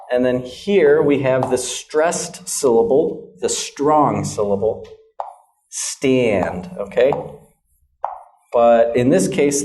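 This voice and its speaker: A man's voice: medium pitch, dark tone. An American man teaching English pronunciation, demonstrating vowel sounds and checking in with "okay?" after nearly every point. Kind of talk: classroom pronunciation lesson.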